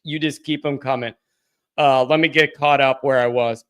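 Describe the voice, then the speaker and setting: A man hosting a live postgame call-in show, talking in a loose, excitable, chatty way with plenty of fillers and restarts. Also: medium pitch, moderate pace, clear, resonant tone. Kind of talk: casual live-stream chat.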